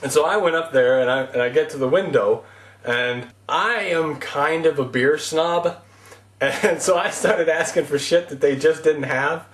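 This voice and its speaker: A man's voice: a little high, measured pace, fairly bright tone, reverberant. A man talking casually to camera in a rambling, self-mocking comic monologue. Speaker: vlogger.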